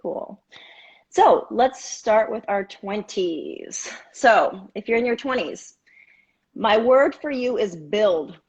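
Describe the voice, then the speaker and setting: A middle-aged woman co-hosting a live stream as a contortion coach, upbeat and giving clear advice. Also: medium pitch, expressive, slow, lo-fi sound. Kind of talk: casual live-stream chat. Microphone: remote live video call.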